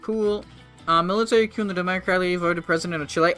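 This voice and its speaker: A man's voice: sits high, a little fast, pauses often, fairly bright tone, smooth, faint music behind. A man in his twenties casually commenting on a strategy game during a live stream, rambling and swearing. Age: 20s. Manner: rambling, profane, joking with chat.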